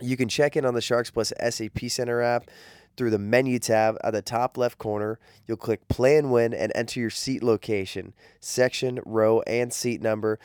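Congested, hyped-up gameday host. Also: male voice, mid-range voice, moderate pace, no room sound, studio quality. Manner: energetic hype delivery with playful slang. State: congested nasal voice from the flu. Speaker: arena gameday show host. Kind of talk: upbeat promotional hosting.

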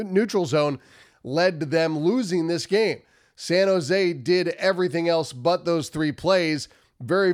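A man with a nasal voice from a cold, giving emphatic, repetitive post-game hockey analysis. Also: fairly high pitch. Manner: emphatic, repetitive, stumbles over words. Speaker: hockey commentary host.

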